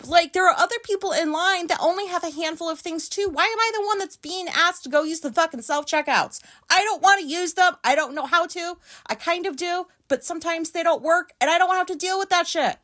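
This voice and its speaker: High-pitched woman ranting, swearing a lot. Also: brisk, few pauses, pushed and bright. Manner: profane, exasperated ranting with frequent "like". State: agitated, pissed off. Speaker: vlogger. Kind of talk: casual venting monologue.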